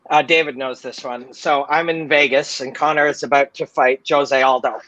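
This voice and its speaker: A man hosting a video call chat, telling stories in a casual, profane, animated way. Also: medium pitch, dry recording, lo-fi sound. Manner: animated, profane, tells stories with acted-out quotes. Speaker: host. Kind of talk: casual storytelling.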